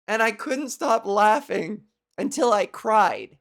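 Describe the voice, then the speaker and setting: A woman's voice: mid-range voice, expressive, slow pace, vocal fry. Woman in her thirties, loose profane comedy host riffing off the cuff, mid-range voice, breaks into voices and laughter. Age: 30s. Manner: rambling, profane, laughs at own jokes, mimics voices. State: hungover. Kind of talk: loose stand-up style monologue.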